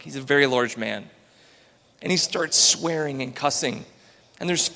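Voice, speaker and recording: A man's voice: on the high side, gravelly, fairly bright tone, big-room sound. Earnest man speaking on a big stage. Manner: earnest and storytelling. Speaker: entrepreneur giving a talk. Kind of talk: inspirational stage talk. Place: large auditorium stage.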